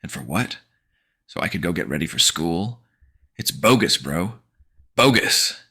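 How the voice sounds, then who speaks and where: A man's voice: sits low, big pitch swings, normal speed, gravelly, pushed and bright, slightly rough. A man narrating a horror-comedy audiobook in first person as a sarcastic teenage boy, with slangy, wry asides. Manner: sarcastic slangy teen banter.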